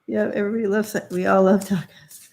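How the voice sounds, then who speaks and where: A woman's voice: mid-range voice, level tone, fast, darkish tone. A woman co-hosting a casual livestream, playful and talking to viewers by name. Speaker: co-host doing readings.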